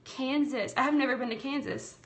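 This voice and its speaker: A Southern woman with a slightly high voice hosts a relaxed live painting tutorial from her tablet. She chats warmly with viewers as she works, reads out their comments and calls them y'all. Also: a little fast, a little hiss or hum. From Tennessee, US South. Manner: chatty and friendly, calls viewers y'all, talks while working. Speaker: craft livestream host. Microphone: tablet streaming app.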